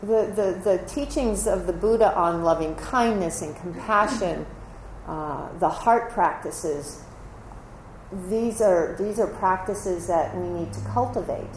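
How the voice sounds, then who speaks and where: A woman meditation teacher giving a Buddhist dharma talk to a live group, reflective and conversational, pausing and restarting as she speaks. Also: on the low side. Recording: echoey room with faint ambient noise.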